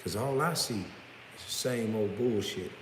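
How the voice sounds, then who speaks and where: A man in his thirties ranting bluntly to camera, swinging from low mutters to loud outbursts. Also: a little slow, noisy background. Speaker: vlogger. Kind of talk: profane rant to camera. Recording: echoey room with long reverb.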